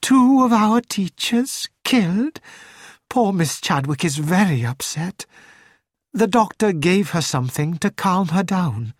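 A man's voice: lively intonation, slow pace, no room sound, clean studio sound, heavily acted. A man reading aloud as a middle-aged female school matron, upset but keeping control, in a raised light voice. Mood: distressed. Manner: shaken but composed, high light voice.

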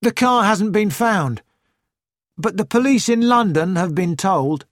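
A man's voice: sits high, animated, measured pace, no room sound, clean studio sound, voice pushed up. A man reading aloud as a dutiful male police sergeant reporting to his inspector in a raised voice.

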